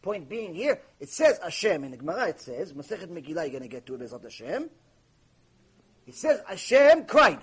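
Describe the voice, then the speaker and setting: A man's voice: high voice, very animated, brisk, breathy edge, low-quality recording. A man giving an impassioned Torah lecture on Mussar, rebuking his listeners and mixing Hebrew terms into his English. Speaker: rabbi teaching Mussar.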